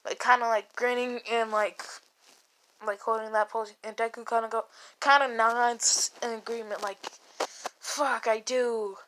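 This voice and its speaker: A woman's voice: on the high side, flat delivery, normal speed, noisy background. A woman casually retelling a made-up fan story, rambling and swearing, with many restarts. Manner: rambling and profane, full of restarts and "like".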